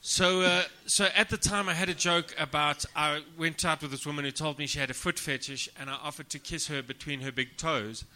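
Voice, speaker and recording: A man's voice: a little high, steady tone, brisk, few pauses, sharp tone. A man, a comedian guest, telling crude, self-deprecating stories on a casual podcast and often laughing as he talks. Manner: laughs through his own stories.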